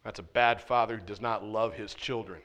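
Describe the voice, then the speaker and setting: Bright-voiced preacher, loud then hushed. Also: male voice, on the low side, steady tone, normal speed. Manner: conversational preaching, swings from loud emphasis to hushed asides. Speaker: pastor. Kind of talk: sermon. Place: church sanctuary.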